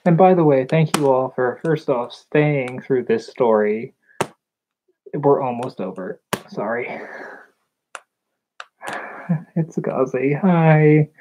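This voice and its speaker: Slow, halting young woman vlogger. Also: very deep voice, slight background noise. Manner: halting, hesitant, with nervous laughs. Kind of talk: personal storytelling. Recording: slightly dull lo-fi recording.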